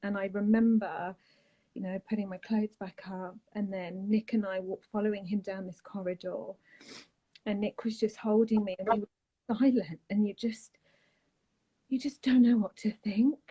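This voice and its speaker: Soft-spoken husky woman. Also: mid-range voice, level tone, poor audio. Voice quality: husky, breathy. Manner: soft, halting, trailing off and restarting. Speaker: guest. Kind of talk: emotional personal account on a live chat.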